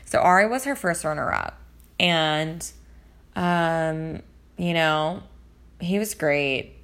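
A woman with a lowish voice and a lot of vocal fry, talking in casual chat. She rambles on about reality TV in a gossipy tone. Her talk is full of fillers. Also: animated, takes it slowly, a bit bright. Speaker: reality TV commentator.

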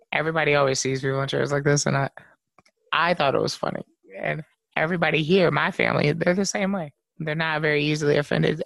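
Young man, heavy vocal fry, dry close sound, laid-back podcast chat, swears freely. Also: on the high side, fairly bright tone, dry recording. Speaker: podcast host.

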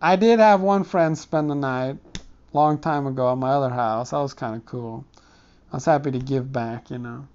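A man telling a rambling comic story, cursing often and wandering off topic, in a dark room. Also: mid-range voice, normal speed, highs cut off. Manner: rambling, profane, digressive. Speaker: comedic storyteller.

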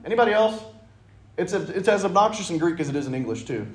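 A man leading an interactive Bible study, reading scripture and acting out the dialogue with lively energy. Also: high-pitched, fast talker. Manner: animated, acts out dialogue in voices. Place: church meeting room. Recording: echoey room.

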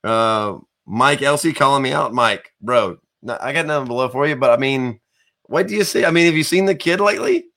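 A man, hosting a live online show in a chatty, rambling way with jokey shout-outs to viewers. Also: medium pitch, expressive, a little fast. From American South. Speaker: host.

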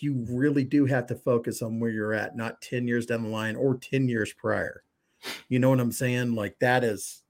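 A man hosting a podcast, chatting casually and emphatically, often saying "you know what I mean" and "man.". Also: mid-range voice. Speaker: podcast host. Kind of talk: casual chat.

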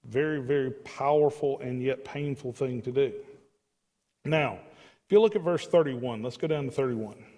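A man's voice: mid-range voice, normal speed, dark tone. A man preaching an evening sermon as pastor, earnest and emphatic, with pleading asides, in a church sanctuary. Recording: long church hall reverb.

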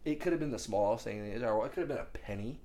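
A man in his thirties telling stories in a casual chat, animated, swearing freely and laughing as he talks. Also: on the low side, very fast. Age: 30s.

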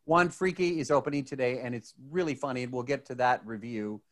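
A man co-hosts a casual podcast, his voice at a middle pitch. He rambles and restarts often. His excitement runs through the chat. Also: brisk. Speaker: podcast co-host.

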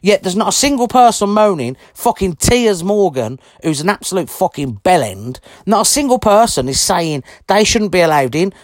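A man's voice: sits high, no echo, studio quality. A man delivering an angry, heavily sworn ranting monologue to camera, blunt and indignant. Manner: heavy swearing, blunt and indignant.

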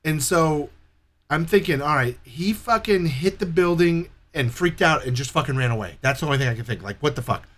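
Animated, foul-mouthed man telling a story. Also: on the high side, fairly quick. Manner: profane, animated retelling with quoted dialogue. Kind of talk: casual storytelling chat.

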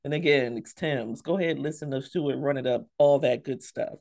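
A woman co-hosting a podcast in casual, joking chat, with loud laughs and speech. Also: very deep voice, normal speed, creaky, no room sound, clean studio sound. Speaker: podcast co-host.

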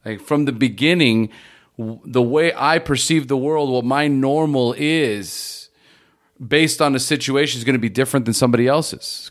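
A man hosting a podcast interview, talking in a reflective, halting way with frequent restarts. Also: medium pitch. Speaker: podcast host. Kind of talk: conversational interview.

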